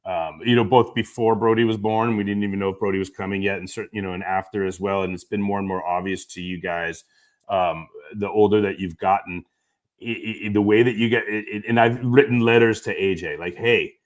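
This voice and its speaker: A middle-aged father hosting a casual chat with his daughter, earnest and halting, often breaking off and restarting. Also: on the low side, steady tone. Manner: halting, self-interrupting, earnest. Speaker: podcast host, father.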